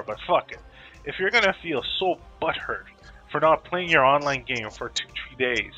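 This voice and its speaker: A man's voice: mid-range voice, bright, forceful tone. Profane, joking gaming vlogger man. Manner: profane, laid-back, joking. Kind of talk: casual rant to camera.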